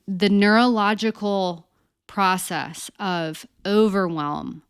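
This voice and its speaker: A woman coach teaching in a casual, animated, conversational way, speaking straight to her listeners. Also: fairly low pitch, clear, resonant tone, no room sound, clean studio sound. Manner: animated, conversational, addresses listeners as you guys. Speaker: codependency coach.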